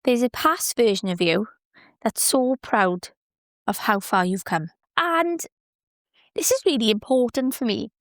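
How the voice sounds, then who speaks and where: A woman's voice: a little high, animated, unhurried, fairly bright tone, no echo, studio quality. A young woman hosting a motivational podcast, chatty and encouraging, cheering her listeners on. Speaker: podcast host.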